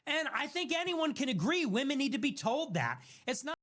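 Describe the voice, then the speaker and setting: A man's voice: very high voice, big pitch swings, brisk, a bit bright. A man streaming, ranting casually in a sarcastic, provocative way.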